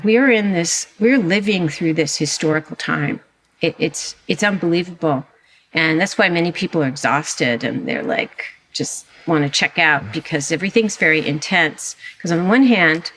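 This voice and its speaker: A historian and author appears as a guest in a conversational interview, speaking in an animated, emphatic way and often restarting her sentences. Her voice is on the low side, and her pace is moderate.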